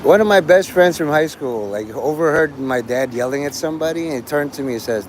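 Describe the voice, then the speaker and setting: A man's voice: a little high, fairly quick, hardly any pauses, a little mellow, slight background noise, rough recording. A man in his forties hosting a livestream, rambling casually, trailing off and restarting his thoughts. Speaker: livestream host.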